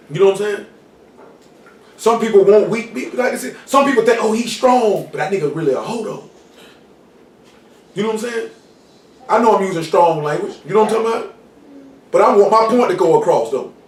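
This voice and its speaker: A man preaching an informal sermon in street slang, often asking "you know what I'm saying" and shouting for emphasis. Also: high-pitched. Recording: roomy hall, mic far off, faint noise.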